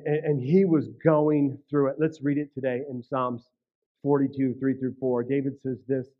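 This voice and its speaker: A man's voice: on the high side, highs cut off. A male pastor preaching a sermon in a conversational way, often checking in with "right?" and repeating words as he starts a thought. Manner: conversational, frequent "right?" and "okay?" asides.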